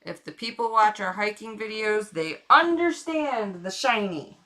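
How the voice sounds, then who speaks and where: Slow, bright-voiced woman chatting playfully. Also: mid-range voice, animated. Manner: playful, rambling, chatty to viewers. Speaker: live streamer. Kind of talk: casual live-stream chat.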